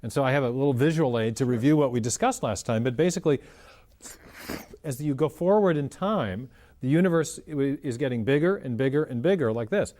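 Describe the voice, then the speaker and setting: A man of ordinary, middle pitch speaks as an interview guest. He explains in a conversational yet earnest manner, building each point carefully on the last. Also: lively intonation, fairly quick, darkish tone.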